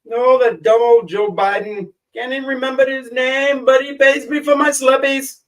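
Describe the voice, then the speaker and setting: A man putting on an overly friendly shopkeeper voice with an exaggerated mock Indian accent, high and sing-song. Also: fairly even intonation, normal speed, distant mic, poor audio. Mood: fawning.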